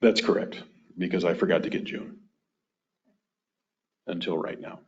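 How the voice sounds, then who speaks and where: A man's voice: low voice, fairly even intonation, moderate pace. A man on a town development board, plainly walking the others through the monthly finances with a dry sarcastic streak. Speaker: EDA board member giving financial report. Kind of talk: casual meeting talk. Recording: dull lo-fi meeting recording.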